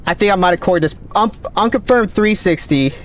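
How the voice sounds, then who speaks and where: A man streaming a game live, calling out readings with excited running commentary, his voice cracking. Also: high-pitched. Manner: excited, calls out numbers rapidly. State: voice cracking, thirsty. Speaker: gaming streamer.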